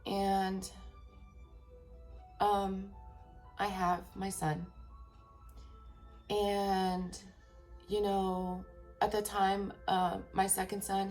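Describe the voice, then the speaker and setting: A woman in her thirties or forties, talking in a mid-range voice. She tells a personal story candidly and rambles, circling back and repeating phrases with casual swearing. Faint music plays behind her. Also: medium pitch. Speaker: tarot vlogger.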